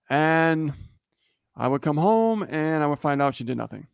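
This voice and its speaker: Animated storytelling man, slightly high voice. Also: normal speed, vocal fry, smooth, no echo, studio quality. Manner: animated storyteller, keeps checking in with "okay?" and "right?". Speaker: livestream co-host. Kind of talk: casual motivational talk.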